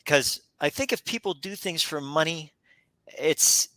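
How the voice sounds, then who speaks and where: A middle-aged man hosting a radio interview in a casual, animated way, often repeating words and acting out quotes. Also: fairly high pitch, measured pace, dry recording. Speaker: radio show host.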